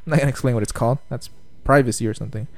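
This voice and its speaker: A man's voice: mid-range voice, steady tone, rapid-fire, a little mellow, no echo. A young man co-hosting a podcast, rambling in casual chat with lots of fillers and laughter. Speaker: podcast co-host.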